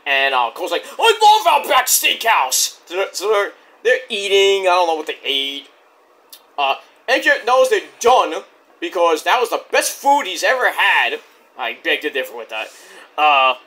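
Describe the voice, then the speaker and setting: Lively, bright-voiced man reviewing wrestling. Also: high voice. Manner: excitable, acts out quotes in silly voices. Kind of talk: casual video review.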